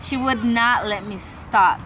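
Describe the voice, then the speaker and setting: Bright-voiced woman telling a rambling story. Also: fairly high pitch, takes it slowly, a little hiss or hum, poor audio. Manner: rambling, with restarts and swearing; acts out quoted dialogue. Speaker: vlogger. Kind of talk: casual storytelling.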